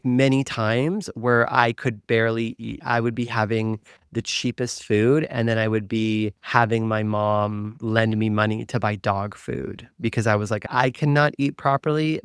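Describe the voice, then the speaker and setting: A man's voice: medium pitch, smooth, no room sound, studio quality. A man hosting a podcast, telling a personal story in an earnest, confessional way, with many "like" fillers. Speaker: spiritual coach and podcast host.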